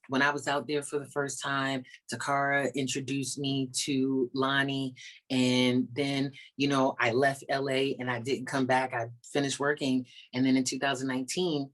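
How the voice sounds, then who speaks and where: A woman stand-up comedian chatting as an interview guest, telling stories in an animated way and acting out the people she quotes, over a video call. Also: extremely low pitch. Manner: animated storyteller, acts out quoted voices. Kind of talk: casual interview chat.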